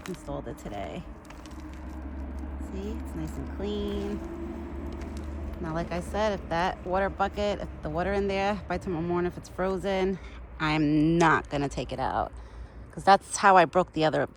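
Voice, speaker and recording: A woman's voice: sits low, a little hiss or hum. Chatty woman, out of breath outdoors. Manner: chatty, bubbly, laughs often. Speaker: vlogger feeding a deer. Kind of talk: casual outdoor vlog. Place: outdoors in a yard.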